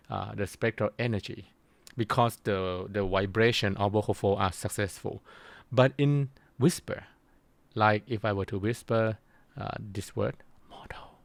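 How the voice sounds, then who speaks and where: A man giving a recorded university lecture, explaining slowly and pausing often to search for his words. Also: lowish voice, creaky, dry recording. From Thailand. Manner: slow, halting explanation with frequent pauses to search for words.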